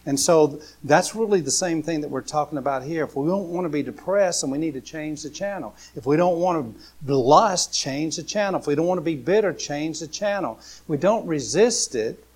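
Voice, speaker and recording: A man's voice: on the high side, moderate pace, hardly any pauses, a little mellow, breathy edge. A man preaching a casual sermon as a pastor, speaking in a loose, repetitive way with many fillers and rhetorical questions. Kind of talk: conversational sermon.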